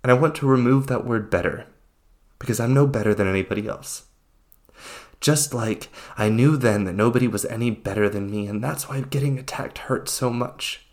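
A man's voice: medium pitch, normal speed. A man hosting a podcast, talking without a script in an earnest, emphatic way and calling his listeners friends. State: getting emotional. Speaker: podcast host. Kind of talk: unscripted heartfelt monologue.

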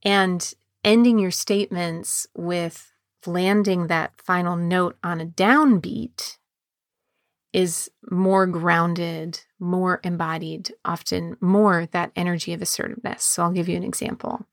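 A woman podcast host and embodiment coach, speaking in a calm, measured way and slowing down on key words. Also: fairly low pitch, no echo, clean studio sound. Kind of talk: podcast monologue.

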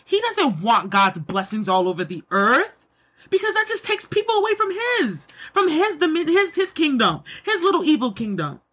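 A woman giving an emphatic, excitable devotional pep talk, repeating lines for emphasis and closing in prayer. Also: sits high, moderate pace. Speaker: Christian motivational speaker.

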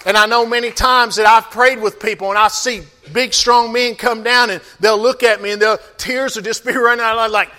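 A man's voice: extremely high pitch, fairly even intonation, moderate pace, hardly any pauses, bright, forceful tone. A man pastor preaching a sermon, calling out to the congregation for responses.

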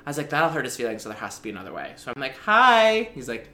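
A man in his twenties, co-hosting a podcast, telling a story in a lively way with lots of laughter. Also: medium pitch, racing. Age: 20s. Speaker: podcast co-host. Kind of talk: casual storytelling chat. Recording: echoey room, faint background noise.

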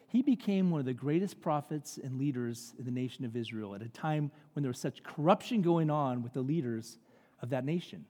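Man preaching, high voice, animated, conversational asides, long hall reverb. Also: fairly quick. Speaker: pastor. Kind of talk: sermon. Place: church sanctuary.

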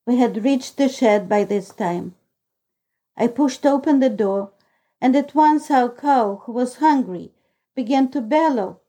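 Slow, mellow woman reading a storybook. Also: a little high. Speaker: audiobook reader. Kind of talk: scripted storybook narration.

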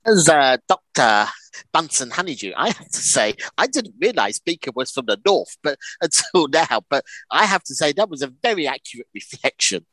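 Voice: mid-range voice, very animated, moderate pace, fairly bright tone, dry recording, low-quality recording. A performer voicing a fussy male puppet scientist with a pseudo-scientific manner. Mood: smug.

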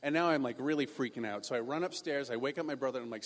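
A pastor telling a personal story in a sermon, animated and self-deprecating. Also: male voice, mid-range voice, very fast, in a large hall.

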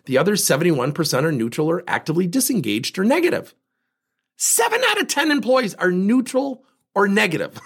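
Husky guy doing a coaching podcast, talks straight at the listener, lots of rhetorical qs, voice jumps around a lot. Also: high-pitched, sing-song, fairly quick. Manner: emphatic, addresses listeners directly, rhetorical questions. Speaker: leadership coach and podcast host. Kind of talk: podcast monologue.

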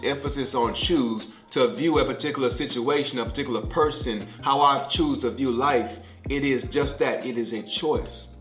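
A man's voice: mid-range voice, a bit bright, echoey room. A middle-aged man giving a podcast devotional sermon, talking like a conversation and repeating key phrases for emphasis. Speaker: pastor.

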